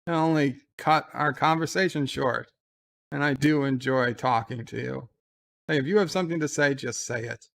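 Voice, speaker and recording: A man's voice: mid-range voice, normal speed, gravelly, a bit bright, slight background noise. A man voicing a smug male shapeshifter who poses as a human and taunts his foe. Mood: taunting.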